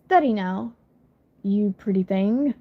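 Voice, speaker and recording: A woman's voice: medium pitch, slow pace. A woman voicing a fat, clumsy farmhand who coaxes breathlessly in a storybook reading. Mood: coaxing. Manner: coaxing, panting. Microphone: phone. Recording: lo-fi phone recording.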